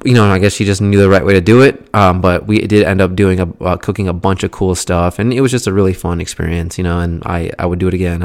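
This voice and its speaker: A man with a deep voice that barely rises or falls tells a loose, rambling travel story, full of fillers and the odd curse. His voice is smooth and resonant, recorded close and dry. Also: no room sound. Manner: rambling, filler-heavy, profane. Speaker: vlog host. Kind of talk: casual travel recap.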